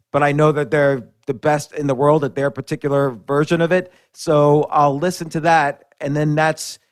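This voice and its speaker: A male podcast host talks reflectively, often pausing and restarting his sentences. His voice sits a bit on the high side, and the recording is dry with no room sound. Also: no echo. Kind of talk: casual conversational interview.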